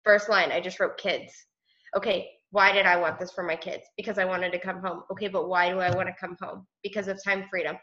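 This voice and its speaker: A woman's voice: fairly low pitch, level tone, brisk. A woman leading a team video call, speaking casually and encouragingly with many "like"s. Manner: casual, soft-spoken, says "like" often. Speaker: team leader hosting a call. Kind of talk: casual motivational group call. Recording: dull lo-fi call audio.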